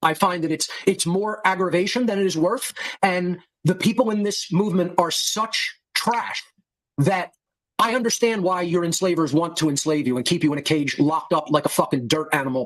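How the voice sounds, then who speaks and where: Husky man in a contemptuous rant. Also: high-pitched, brisk, a bit bright. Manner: insulting with profanity. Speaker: podcast host. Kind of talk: heated podcast monologue.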